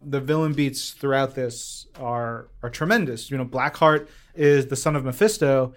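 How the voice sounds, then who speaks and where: A man co-hosting a casual podcast chat, telling stories with animated enthusiasm. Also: mid-range voice, normal speed. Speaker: podcast co-host reviewing comics.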